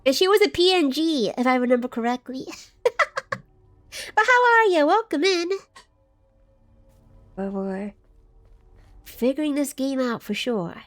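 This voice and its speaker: A woman streamer with a fairly high voice that swings widely up and down. She talks in a loose, scattered way and giggles often. She reads chat aloud while she plays. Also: very animated, measured pace, long pauses, faint music behind. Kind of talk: casual live game commentary.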